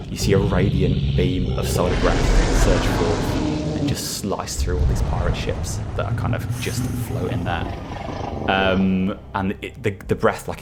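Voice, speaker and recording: A man narrating as game master of a tabletop game, with hesitant, filler-heavy description. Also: sits low.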